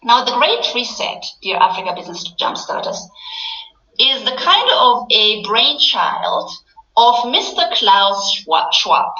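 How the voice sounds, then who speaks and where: Bright-voiced woman business coach. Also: on the high side, sing-song, slow. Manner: addresses her audience directly, earnest and explanatory. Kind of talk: motivational webinar talk. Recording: echoey, dull lo-fi sound.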